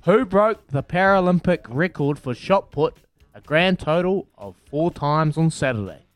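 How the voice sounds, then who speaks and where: Nz guy hosting a radio phone quiz, upbeat, bit high voice, smooth clear tone. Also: lively intonation, measured pace, no room sound. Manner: upbeat, calls callers mate and brother. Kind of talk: casual breakfast radio chat.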